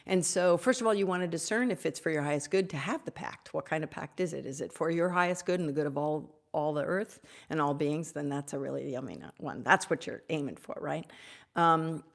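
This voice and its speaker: A woman hosting a live Q&A on spiritual topics, effusive and gushing, sometimes dropping into soft whispers. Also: low-pitched, fairly quick, vocal fry. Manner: warm, effusive, drops to soft whispers at times. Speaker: host answering audience questions.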